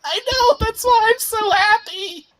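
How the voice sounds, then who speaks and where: A man voicing a gleeful, badly wounded ghoul that chants and shrieks in a high, drawn-out voice. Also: a bit bright.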